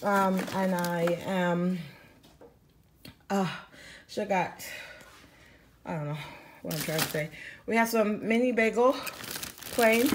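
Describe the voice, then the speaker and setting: A woman's voice: mid-range voice, takes it slowly, pauses often, slight background noise. A woman casually chatting to camera as she unpacks groceries at home, rambling with lots of ums. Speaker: vlogger showing a grocery haul. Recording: crinkling bags and clicks behind.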